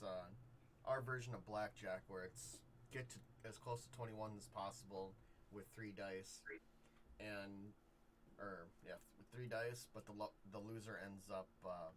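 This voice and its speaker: A man runs a tabletop game as game master, and his somewhat low voice keeps a relaxed, loose narration going. There is faint noise behind him.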